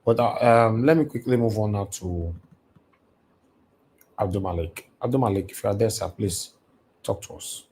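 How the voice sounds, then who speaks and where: A man's voice: fairly low pitch, normal speed, pauses often, a little mellow, slight background noise. A Nigerian man with a Pidgin-tinged accent hosts a live stream alone at home, preaching in a repetitive, impassioned way. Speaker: livestream host. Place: alone in a large house. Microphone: computer mic on a live stream.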